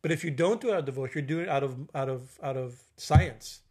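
A middle-aged man giving an informal religious talk as a spiritual teacher, halting, with many fillers and restarts, often asking "right?". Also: medium pitch, a little mellow, husky.

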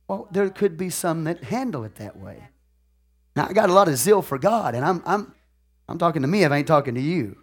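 A man preaches in a fairly high voice, telling folksy stories to his congregation. He swings between loud, excited bursts and quiet, confiding asides, and keeps asking the room if they follow him. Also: brisk. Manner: animated storytelling with big swings in loudness and sudden outbursts; folksy and conversational, often checking in with the audience. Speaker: pastor.

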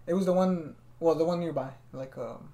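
A man's voice: on the high side, normal speed, dark tone. Laid-back slangy podcast guy. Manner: slangy, laid-back, keeps saying "fool". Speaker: podcast host. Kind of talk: casual chat, storytelling.

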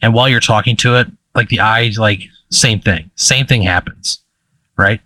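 A man narrating a tabletop game as game master, casual and halting, with lots of fillers and restarts. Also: lowish voice, pushed and bright, no room sound.

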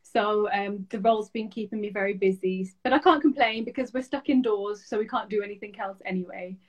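A woman's voice: medium pitch, a little fast, low-quality recording. A young woman with a thick Birmingham accent, a guest chatting in a modest, friendly way and laughing easily. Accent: Birmingham, Brummie. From born in Pakistan, raised in Birmingham. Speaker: podcast guest, dancer. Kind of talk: casual interview chat.

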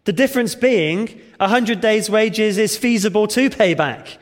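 Male preacher, high-pitched voice, expository sermon with rhetorical questions, hall reverb. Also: measured pace.

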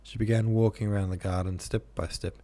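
A man narrating a classic novel aloud in a measured, even manner. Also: fairly low pitch. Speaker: audiobook narrator.

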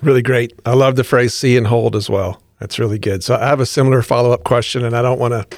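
A man's voice: mid-range voice, fairly even intonation, fast, a little mellow, no room sound, clean studio sound. A man hosting a podcast, asking a guest long, winding questions about her work. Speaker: podcast host. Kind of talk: interview questions.

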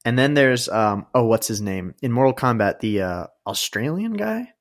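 Animated wry podcast co-host. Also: medium pitch, moderate pace. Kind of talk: casual chat.

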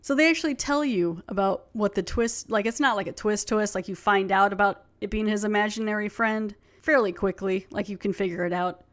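A woman's voice: medium pitch, a little fast, hardly any pauses. A woman hosting a podcast, talking through an episode in a chatty, rambling way. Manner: chatty, rambling with many fillers. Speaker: podcast host. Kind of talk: casual chat.

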